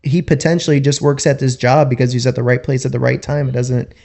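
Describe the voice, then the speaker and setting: A man talking as a podcast guest in a casual, rambling way, full of "like" and "you know", and quick to laugh. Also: medium pitch, steady tone, creaky, darkish tone. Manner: laughs easily while telling stories.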